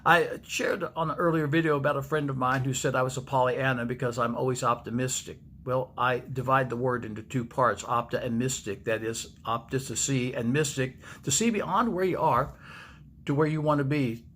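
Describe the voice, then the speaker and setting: A pastor addresses the camera in a devotional video message, telling stories in an even, mid-pitched man's voice. He repeats key lines for emphasis. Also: normal speed, a little hiss or hum. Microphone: speaking to camera.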